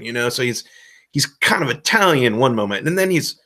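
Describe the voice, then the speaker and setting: A man giving casual advice as a game master, loose and self-deprecating, rambling with a relaxed tone. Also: mid-range voice, normal speed. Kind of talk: casual instructional talk.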